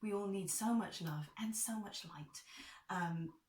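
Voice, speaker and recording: A woman's voice: mid-range voice, a little slow, a little mellow, slight background noise. A woman reading angel cards, talking in an earnest, confiding vlog manner. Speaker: angel card reader. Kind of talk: casual heartfelt vlog talk. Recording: echoey room, far from mic.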